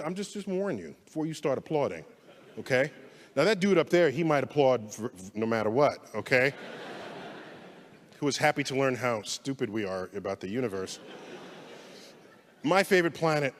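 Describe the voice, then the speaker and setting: A man giving an animated public science lecture, theatrical, swinging from loud outbursts to hushed asides. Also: fairly high pitch. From United States. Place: large lecture hall. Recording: long hall reverb.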